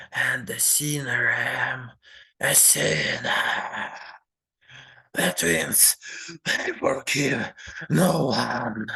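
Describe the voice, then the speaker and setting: A man voicing a maddened, zealous old grandfather in a slow, hissing whisper, as whispered role-play while reading a game aloud. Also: medium pitch, gravelly, pushed and bright, husky, full character voice, poor audio.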